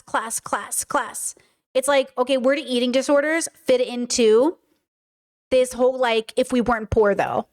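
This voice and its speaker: A woman in her thirties giving casual commentary as a video essayist, stressing points by repeating words. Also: sits high.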